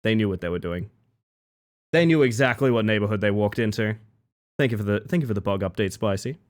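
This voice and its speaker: A man's voice: on the low side, fast talker. A man chatting casually with his live-stream chat, rambling playfully and greeting viewers by name.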